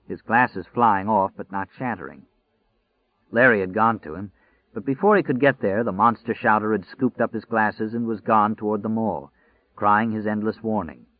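A man with a lowish voice reads an audiobook in a measured, deliberate way. The sound is dry and close, with no room around it. It comes through a narrow, phone-like band. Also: no echo. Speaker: audiobook narrator. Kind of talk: scripted audiobook narration.

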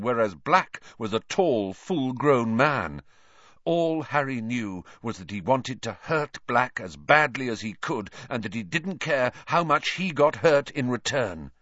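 A man narrating an audiobook with a dramatic, lively reading. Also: medium pitch, no echo, highs cut off.

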